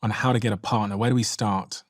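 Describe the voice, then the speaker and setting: Guy hosting a podcast, talks fast, kinda low voice. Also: steady tone, dry recording, clean studio sound. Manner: conversational, asks follow-up questions. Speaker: podcast host. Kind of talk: interview questions and chat.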